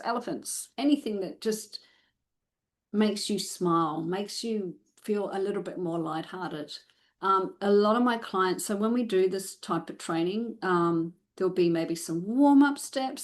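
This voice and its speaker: A woman hosting a live Q&A about dog training, answering questions in a chatty, lighthearted way with frequent "um"s. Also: lowish voice. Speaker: dog separation anxiety trainer and host.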